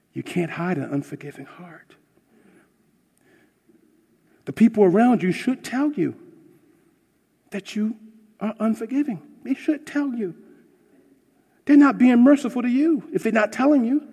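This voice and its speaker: A man preaching a passionate sermon, swinging from hushed words to shouting, and ending in prayer. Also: high-pitched. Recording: long hall reverb.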